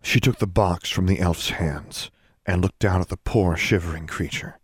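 A man reading fiction aloud as narrator in a measured, quietly dramatic way. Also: deep voice, breathy edge, no echo, studio quality.

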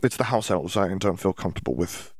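A man voicing an earnest, sharp-tongued teenage witch student in an audiobook, asking clipped, pointed questions. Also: sits low, lively intonation, brisk, breathy edge, no echo, studio quality.

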